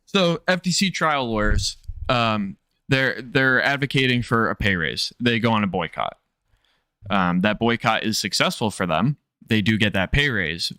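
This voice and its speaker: A man's voice: lowish voice, animated, a little slow, pushed and bright, clean tone, no echo, studio quality. A man with a nasal voice, rambling through casual live-stream commentary, cutting himself off and swearing freely. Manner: rambling, self-interrupting, sprinkled with profanity.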